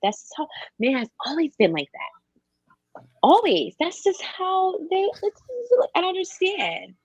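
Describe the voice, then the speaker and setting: A woman's voice: fairly low pitch, lively intonation, normal speed, no echo, dull audio. A woman chatting casually on a podcast, with many fillers.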